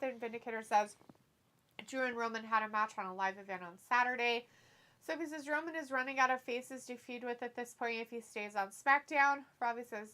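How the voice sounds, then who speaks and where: Female streamer, slightly high pitch; reads viewer comments aloud, quick to giggle. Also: sharp tone. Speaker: watch-along co-host. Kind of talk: casual livestream chat.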